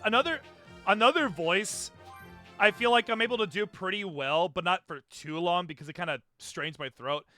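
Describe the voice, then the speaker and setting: A man's voice: sits high, pushed and bright. A man streaming live, chatting casually and rambling about doing character voices. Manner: chatty, rambling with many fillers and restarts. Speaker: livestreamer.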